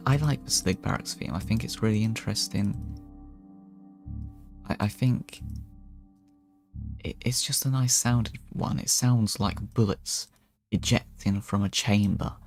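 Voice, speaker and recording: A man with a low, gravelly voice chats his way through a strategy game as a VTuber persona. He rambles and often restarts his sentences. The delivery is loose and casual. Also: a little mellow. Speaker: VTuber streamer. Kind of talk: casual gameplay commentary in character.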